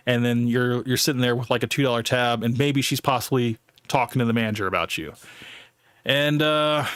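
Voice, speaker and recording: A man's voice: mid-range voice, a bit bright, clear, resonant tone, dry recording, clean studio sound. A man hosting a live stream in casual talk, rambling with many fillers and restarts, blunt and jokey. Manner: blunt, jokey and self-deprecating.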